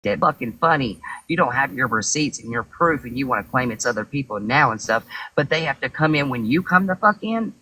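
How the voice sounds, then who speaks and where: A man's voice: mid-range voice, animated, fairly quick, pushed and bright, breathy edge, dry recording, poor audio. A man hotly accusing someone during a live stream argument, swearing and confrontational.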